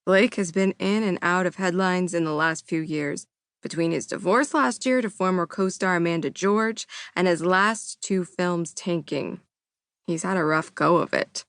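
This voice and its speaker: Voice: medium pitch, unhurried, a bit bright, clean tone, no echo, studio quality. A woman narrator voicing a morning radio co-host reading news. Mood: somber.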